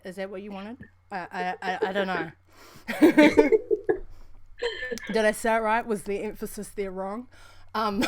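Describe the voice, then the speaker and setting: A woman's voice: medium pitch, a little slow, a crowd in the background. A woman with a New Zealand accent co-hosting a casual livestream, rambling chattily and calling viewers honey. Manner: rambling, chatty, calls people honey, laughs often. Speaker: livestream co-host.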